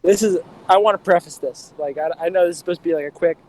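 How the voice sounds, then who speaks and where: A man's voice: high-pitched, fast, a little mellow, a little hiss or hum, low-quality recording. A man giving his firm opinions as a guest in a casual gaming interview. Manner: opinionated, emphatic. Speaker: team player, guest. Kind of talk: casual chat over voice call.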